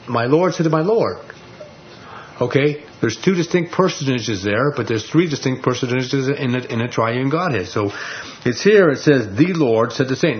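A man's voice: medium pitch, highs cut off, a little hiss or hum. A man teaching through a Bible passage verse by verse, in a conversational way that keeps checking in with his listeners. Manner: conversational, checks in with frequent "okay?".

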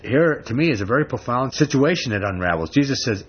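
A man's voice: mid-range voice, animated, quick pace, slightly rough. A man preaching a sermon in a conversational way, building to emphatic rhetorical questions. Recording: dull lo-fi recording with faint background noise.

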